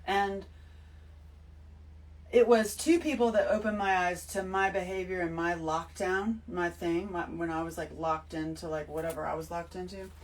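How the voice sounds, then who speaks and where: Animated woman, off-mic. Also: on the low side, moderate pace, recorded from a distance, rough recording. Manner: animated, emphatic, swearing, addresses listeners as y'all. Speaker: host. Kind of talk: spiritual monologue to camera.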